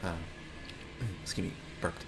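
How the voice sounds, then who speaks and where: A man's voice: slow, over music. A man playing a tabletop game, explaining hesitantly with many uhs. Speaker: player. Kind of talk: casual game chat.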